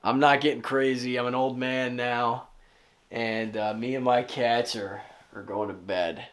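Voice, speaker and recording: A man in his thirties talking casually to camera in a vlog, rambling and self-mocking with sudden loud outbursts. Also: medium pitch, fairly even intonation, a little slow. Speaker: vlogger.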